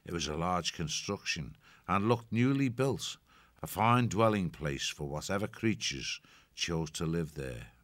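A man narrating an audiobook in a measured, steady storytelling manner. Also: low voice, dry recording. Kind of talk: audiobook reading.

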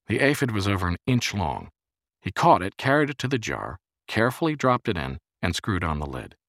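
Deep-voiced male audiobook narrator. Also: sing-song, a little fast, vocal fry, fairly bright tone, dry recording, studio quality.

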